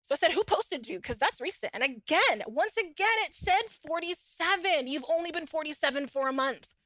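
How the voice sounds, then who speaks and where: A woman's voice: high-pitched, moderate pace, dry recording. A middle-aged woman, a podcast guest, casually telling her own story and acting out the dialogue in it. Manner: animated, acts out quoted dialogue.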